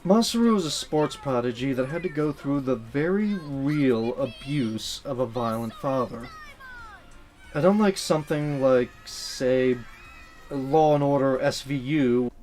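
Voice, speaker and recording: A man's voice: mid-range voice, darkish tone. A man hosting a video essay, talking about a game in an earnest, conversational and blunt way.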